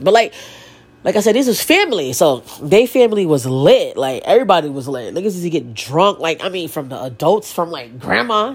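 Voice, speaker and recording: Young woman, stuffy nose, lively pitch, blunt, heavy swearing, confessional solo podcast. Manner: blunt, profane, emotional and confessional. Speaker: podcast host. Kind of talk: candid solo podcast monologue.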